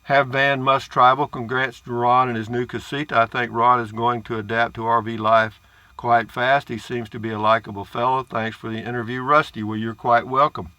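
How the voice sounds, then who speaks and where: An older man from Central Texas chats casually to camera, reading out viewer comments in a folksy, rambling way and chuckling at his own jokes. His medium-pitched voice is pushed and bright with flat delivery at a normal speed, and there's no room sound.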